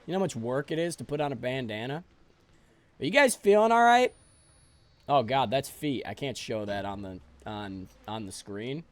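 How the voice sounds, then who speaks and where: A man's voice: mid-range voice, brisk, few pauses, no echo. A man streaming a game live, joking and rambling sleepily with his chat.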